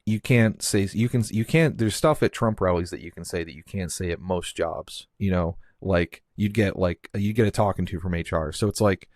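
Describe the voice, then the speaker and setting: A man with a very deep voice hosts a casual movie podcast, thinking out loud in long, meandering sentences full of fillers and restarts. His voice sits close and dry, with no room sound around it. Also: moderate pace, few pauses, dry recording. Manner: rambling, heavy use of "like" and restarts. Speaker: podcast host.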